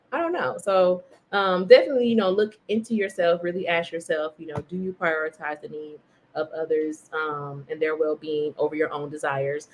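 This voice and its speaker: Lady podcast host chatting about faith, kinda low voice, jokes on herself a lot. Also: a little hiss or hum. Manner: chatty and self-mocking, reading devotional passages. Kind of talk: casual faith podcast chat.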